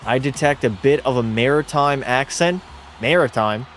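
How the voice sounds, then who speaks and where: With soft music in the background, a young man streams a hockey watch party, calling the action and bantering bluntly and jokingly with chat. His voice is medium-pitched and fairly bright, at normal speed.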